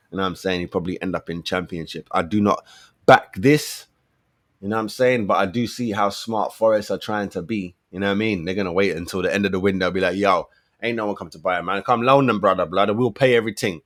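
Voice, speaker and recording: A young man riffs on football as a fan, casual and full of street slang. His voice sits low, and he often says a line twice to drive it home. The sound is close and dry, with no room around it. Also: no echo. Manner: slangy, conversational, repeats phrases for emphasis. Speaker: football fan channel host. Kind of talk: casual fan commentary to camera.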